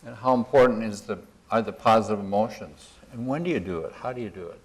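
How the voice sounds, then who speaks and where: A man's voice: on the low side, fast talker, poor audio. An older man speaking at a professional conference, folksy and wandering, chuckling at himself as he leads a guided imagery exercise. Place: conference room.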